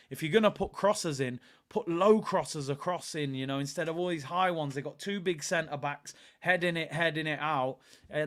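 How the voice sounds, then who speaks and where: A man hosting a live football watchalong, chatting casually and shouting out viewers. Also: on the high side. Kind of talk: live football chat reading viewer comments.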